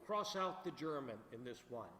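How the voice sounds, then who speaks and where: A man directing a choir rehearsal, relaxed and thinking aloud with plenty of fillers. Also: mid-range voice, normal speed, noisy background. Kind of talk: rehearsal instruction. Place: large echoey rehearsal hall. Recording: echoey hall with long reverb, faint music.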